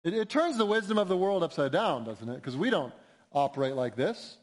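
A man's voice: a little high, expressive, brisk. A man preaching a sermon in an earnest, emphatic way, building to rising appeals. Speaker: pastor.

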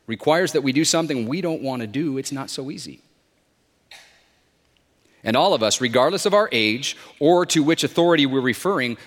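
Pastor, sermon delivery, animated and emphatic, slightly high voice, long hall echo. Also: male voice. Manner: lively, emphatic preaching with rhetorical questions. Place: church sanctuary with a screen.

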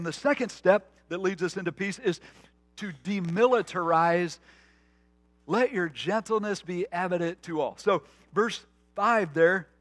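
A man in the pulpit delivers a conversational sermon, slipping into stories and restarting his phrases as he goes. His voice sits a little high for a man, and he drops to a quiet, slow register for emphasis. The sound is dry and close. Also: no room sound. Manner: earnest, storytelling, with frequent restarts. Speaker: pastor.

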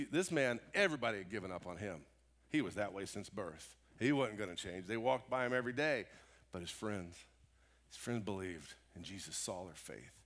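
Animated male preacher telling a story. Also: lowish voice. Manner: animated storytelling, acting out voices, swings from loud to hushed. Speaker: pastor. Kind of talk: sermon.

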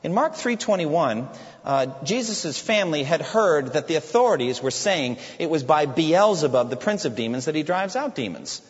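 A man preaching a sermon, expressive, dropping low and quiet when he quotes Jesus. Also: moderate pace. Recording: dull echoey hall recording.

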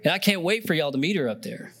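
A young pastor preaches a sermon earnestly and conversationally, often getting emotional and close to tears, with lots of fillers and restarts. His voice is fairly high and a bit bright, with lively intonation and a fast pace.

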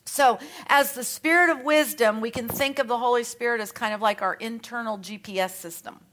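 Brisk and a bit bright, the Australian woman's slightly high voice comes with slight background noise. She is a Bible teacher who chats conversationally about scripture, pokes a little fun at herself, and reads passages aloud between remarks.

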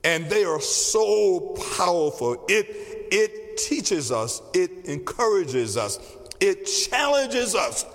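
A man's voice: high voice, a bit bright. Male pastor, sermon delivery, emphatic repetition, long church-hall reverb. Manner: emphatic, repeats key phrases slowly.

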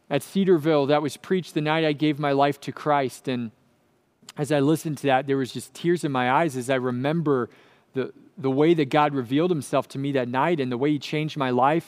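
A man preaching a sermon, earnest and emphatic, repeating his key phrases. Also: on the high side. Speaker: pastor.

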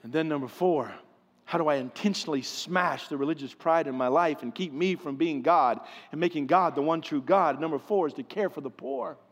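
A man preaching a sermon with passion, swinging from loud pleading to hushed, quiet stretches. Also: a little high, brisk. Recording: long hall reverb.

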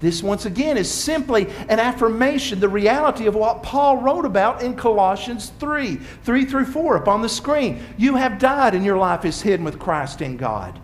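A man preaching a sermon as pastor, swinging from strong emphasis to quiet asides. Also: sits high, expressive, normal speed, few pauses, a little hiss or hum.

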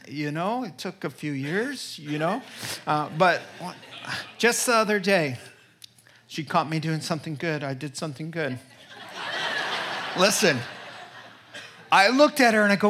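A man in middle age delivers a sermon full of jokes and stories, and he keeps turning straight to his listeners. His voice sits a little high and rings bright and forceful. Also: animated, moderate pace, slight background noise. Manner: joking, storytelling, addresses the audience directly. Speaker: pastor. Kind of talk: humorous sermon.

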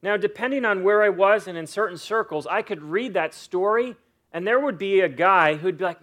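A man preaching a sermon, earnest and emphatic, repeating phrases for weight and reading scripture slowly and dramatically. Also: high voice, fairly bright tone. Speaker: pastor.

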